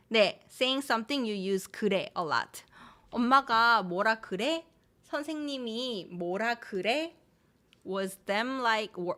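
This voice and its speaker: Teaching phrases on a live stream, a woman who speaks Korean as her first language blends English explanations with Korean examples, repeating them and reading out viewers' names and comments. She's a Korean language teacher, and her medium-pitched voice sounds pushed and bright.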